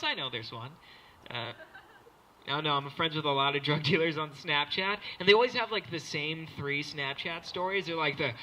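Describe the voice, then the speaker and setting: Before a live crowd, a young man performs a rambling, self-mocking stand-up set, slipping into silly character voices. His voice sits on the high side, bright and forceful at a moderate pace, with a little hiss or hum in the recording.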